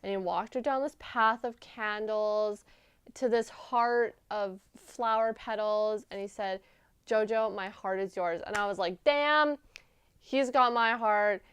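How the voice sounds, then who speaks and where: A woman's voice: medium pitch, a little slow, clear, resonant tone, no echo. A young woman vlogger recapping a TV episode in a gushing, chatty way, full of "like"s. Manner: gushing, animated storytelling with many "like"s.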